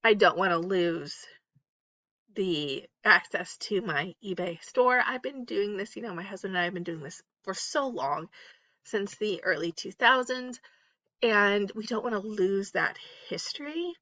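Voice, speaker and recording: Bright, chatty woman reseller. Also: mid-range voice, expressive, measured pace, no echo, dull audio. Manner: chatty, candid, laughs at herself. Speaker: eBay reseller and YouTuber. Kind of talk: casual list-with-me chat. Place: home, at night. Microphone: close, off camera.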